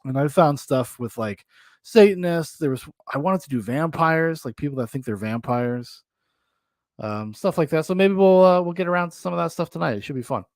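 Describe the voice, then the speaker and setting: A man's voice: on the high side, moderate pace, a little mellow, dry recording, clean studio sound. A man hosting a podcast in loose, rambling casual chat, often laughing. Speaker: podcast host.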